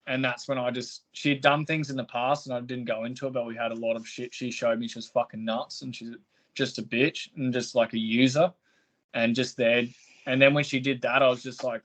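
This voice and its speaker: A man's voice: medium pitch, level tone, fairly quick, fairly bright tone. A man, a podcast guest, telling his story in a blunt, aggrieved way with heavy swearing. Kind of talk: candid interview storytelling.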